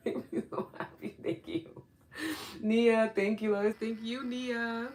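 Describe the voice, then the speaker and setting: A woman in her thirties, a meditation and EFT practitioner, hosting a live wellness session and chatting warmly with viewers by name. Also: a little high, steady tone, takes it slowly, poor audio. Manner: gentle, affectionate and chatty, thanking viewers by name.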